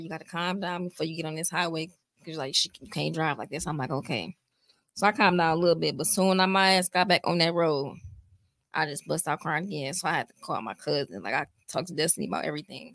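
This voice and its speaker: A woman's voice: low voice, fast talker, gravelly, fairly bright tone, no echo. A young woman in casual chat, recalling a painful night rawly and swearing casually. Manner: raw emotional recollection with casual swearing.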